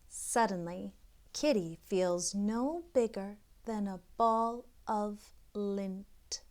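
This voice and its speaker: A young woman who works as a literacy tutor reads a children's picture book aloud in a mid-range voice, drawing out her words. She is expressive and chatty, adding asides to the listener.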